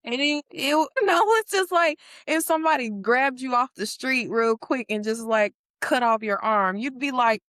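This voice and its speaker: A young adult woman talking casually on a podcast panel, telling stories in an animated way with lots of fillers. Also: mid-range voice, clean tone, dry recording, clean studio sound. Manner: chatty, many fillers, animated storytelling.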